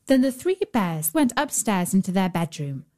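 A woman narrating a bedtime fairy tale as a storyteller, with a gentle storybook cadence. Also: medium pitch, very animated, moderate pace.

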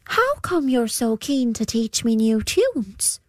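Squeaky polite little piper boy, all wide-eyed, a lady narrator doing him, dry sound. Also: big pitch swings, slow, dry recording. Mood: wondering. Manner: polite, wondering. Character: eager young piper boy, polite and plucky.

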